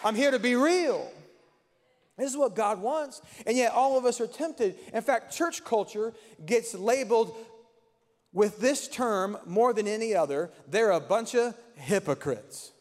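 A man's voice: high voice, a little slow, a little mellow, big-room sound. A man preaching a sermon as pastor, with an impassioned, repetitive cadence in a church sanctuary.

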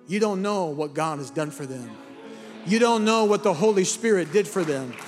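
High-voiced impassioned pastor in a big hall. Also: male voice, expressive, moderate pace. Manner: impassioned, rising to near-singing fervor. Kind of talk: sermon with altar call. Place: large church hall with congregation. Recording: long hall reverb with soft music and crowd.

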